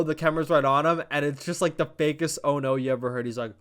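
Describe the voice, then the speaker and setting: Excitable male wrestling reviewer, slightly high voice, rapid and profane, prone to loud frustrated bursts. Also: clean tone. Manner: excitable, fast-talking, swears a lot; breaks into loud exasperated outbursts. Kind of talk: casual recap and commentary.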